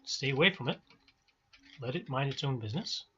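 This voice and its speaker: Casual male let's-play host, bright forceful voice, muffled lo-fi mic with low background hiss. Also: fairly quick. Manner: relaxed, thinking aloud with fillers. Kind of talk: casual gameplay commentary.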